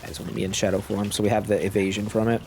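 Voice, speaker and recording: Gravelly-voiced man with a sore throat. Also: little pitch movement, racing, noisy background. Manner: low-key, musing aloud while playing. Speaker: gaming channel host. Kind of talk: casual gameplay commentary. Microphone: cough drop in mouth.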